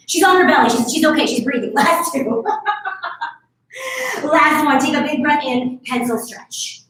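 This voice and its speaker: Chatty woman barre instructor, echoey room. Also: high-pitched. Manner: chatty, encouraging, laughs often. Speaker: fitness instructor. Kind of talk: live barre class instruction. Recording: echoey room, far from mic.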